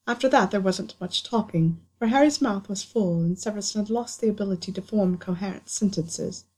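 Audiobook narrator: woman, mid-pitched, breathy and soft, steady reading. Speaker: audiobook reader. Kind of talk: scripted narration.

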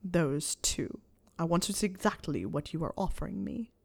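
A woman voicing a stern older male wizard professor, speaking low, hushed and measured. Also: lively intonation, creaky, exaggerated voice. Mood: whispered.

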